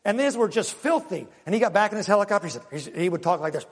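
An older man preaching a sermon and telling stories, moving from loud, emphatic lines to hushed ones. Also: sits high, rapid-fire. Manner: animated, swinging from loud to hushed. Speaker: pastor. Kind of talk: sermon with personal storytelling. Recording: long hall reverb.

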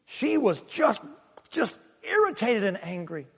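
With an expressive voice on the high side, the pastor speaks at a normal pace through a long reverb. He chuckles through stories, then pushes his points with greater force, moving from quiet asides to raised emphasis.

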